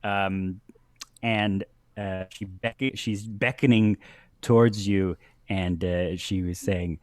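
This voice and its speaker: Brief: male game master, slow unhurried delivery, fillers and pauses, dry close sound. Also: low-pitched, steady tone, a little mellow, dry recording. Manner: halting, many ums and uhs, laughs often. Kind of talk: narrating a tabletop wrestling game.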